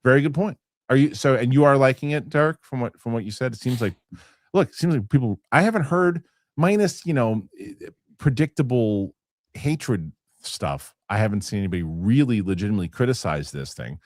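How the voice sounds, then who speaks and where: A man's voice: medium pitch, animated, a little fast, dry recording, clean studio sound. A middle-aged man hosting a casual live show, rambling through viewer comments and swearing freely. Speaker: host.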